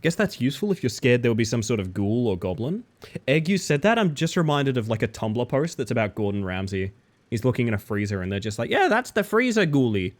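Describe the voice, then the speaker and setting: Lively, joking male streamer. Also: medium pitch, fast. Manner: playful, joking, talks straight to chat. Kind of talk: casual live-stream chat while gaming.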